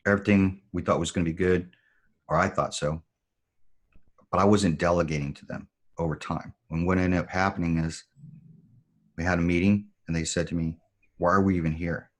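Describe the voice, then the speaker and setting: Male podcast guest, former Marine, deep voice, measured storyteller. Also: steady tone. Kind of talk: storytelling in conversation.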